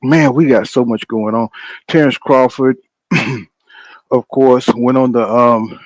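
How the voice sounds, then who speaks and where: A man's voice: medium pitch, fairly even intonation, slow pace, no echo. A man hosting a live boxing reaction stream, talking loosely and profanely and greeting viewers by name. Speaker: boxing channel host. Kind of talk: casual live-stream commentary.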